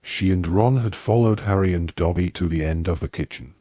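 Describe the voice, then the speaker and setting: A man narrates an audiobook with steady storytelling. His voice is low and husky. The sound is close and dry. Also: a little fast, no room sound. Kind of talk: scripted narration.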